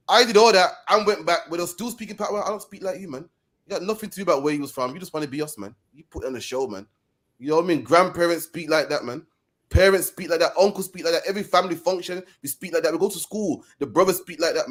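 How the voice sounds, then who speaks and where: A man from Birmingham, England, co-hosts a podcast, his fairly bright voice pitched on the high side. The casual chat gets heated, and he comes across preachy and slangy, ending lines with "man."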